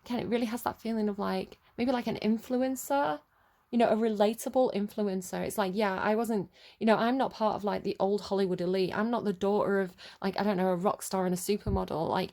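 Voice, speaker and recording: A woman with a standard southern English accent talks through a tarot reading. She rambles, restarts her sentences and fills the gaps with "um" and "like". Her pitch sits in the middle of the usual range for a woman. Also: darkish tone. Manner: rambling, many fillers and restarts, laughs at herself. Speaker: tarot reader. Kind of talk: casual spoken tarot reading.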